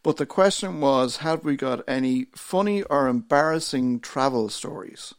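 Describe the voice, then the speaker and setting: A man's voice: mid-range voice, lively intonation, normal speed. Man hosting a chatty podcast. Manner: teasing, dry banter. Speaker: podcast host. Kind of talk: casual chat.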